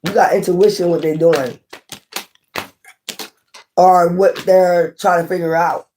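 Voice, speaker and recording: A woman's voice: fairly low pitch, steady tone, takes it slowly, dark tone, slight background noise. A woman giving a casual tarot reading to camera, blunt and profane, talking with passion, repeating points and asking her viewers questions. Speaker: tarot reader.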